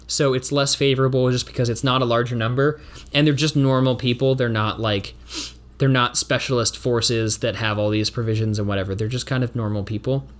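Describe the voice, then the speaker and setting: A man from the United States narrating and thinking aloud through a solo tabletop game, with many fillers and restarts. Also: mid-range voice.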